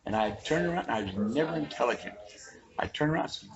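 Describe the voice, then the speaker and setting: A man's voice: medium pitch, lively intonation, fast talker, creaky, highs cut off. A man, telling joking, folksy stories in a casual roadside chat. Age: 50s. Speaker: interviewee. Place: roadside outdoors. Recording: crowd chatter behind.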